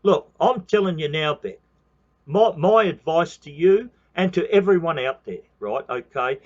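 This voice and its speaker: A man's voice: on the high side, lively intonation, measured pace, dull audio. An Australian man in his sixties giving a heated, profane monologue on his own channel, repeating phrases and calling the listener mate. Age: 60s. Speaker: channel host. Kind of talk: ranting monologue.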